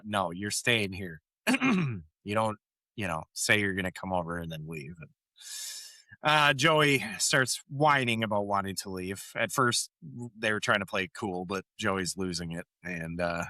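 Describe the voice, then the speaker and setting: Podcast co-host, man, lively up-and-down delivery, bright tone, dry close mic. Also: medium pitch, no echo. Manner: animated retelling, quoting lines with frequent laughs. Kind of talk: casual recap chat.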